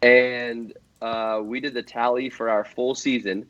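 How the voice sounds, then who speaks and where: A man's voice: mid-range voice, flat delivery, measured pace, fairly bright tone, dry recording, lo-fi sound. A man guesting on a podcast, talking earnestly and at length, with lots of fillers and restarts. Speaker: guest drift driver. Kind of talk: casual podcast chat.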